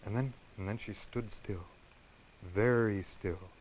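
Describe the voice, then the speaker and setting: A man hosting a children's television show, reading a picture book aloud in a gentle, animated storytelling manner and chatting with his listeners. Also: on the low side, takes it slowly, a little hiss or hum, low-quality recording.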